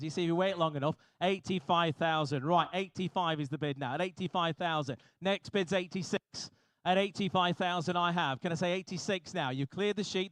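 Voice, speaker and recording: A man working as an auctioneer, calling bids briskly and repetitively with jokey asides to the room. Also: high-pitched, a bit bright, no room sound. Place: auction hall.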